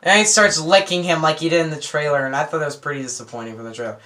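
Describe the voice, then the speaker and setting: A man giving a rambling, excitable spoiler review of a movie, full of fillers and acted-out quotes. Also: a little high, racing.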